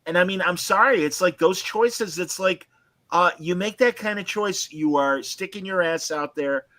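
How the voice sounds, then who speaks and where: A man's voice: sits high, moderate pace, fairly bright tone, no room sound. A man co-hosting a casual film review chat, talking emphatically and restarting his sentences often. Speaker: podcast co-host.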